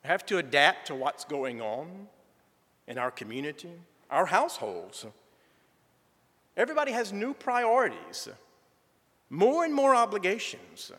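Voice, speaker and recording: Lively man giving church testimony. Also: high voice, unhurried, long pauses. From southern United States. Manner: folksy storytelling with gentle humor. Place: church sanctuary. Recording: reverberant church sanctuary.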